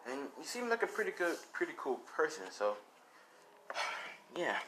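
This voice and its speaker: A brooding wendigo teenage boy, voiced by a man speaks low and quiet in a flat, guarded mumble. Under the voice there is a steady hiss of background noise. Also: unhurried.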